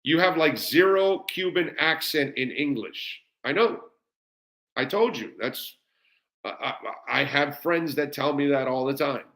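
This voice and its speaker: A man's voice: a little high, unhurried, fairly bright tone. A middle-aged man hosting a live show, chatting casually and gushing enthusiastically as he answers viewer comments, rambling with fillers and repeated words. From United States. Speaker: sports radio host.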